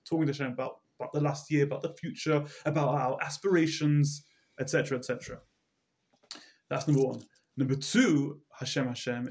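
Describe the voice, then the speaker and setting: A man's voice: fairly high pitch, a little mellow. A man teaching a Torah class, telling a story with repeated words and frequent fillers. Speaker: religious teacher.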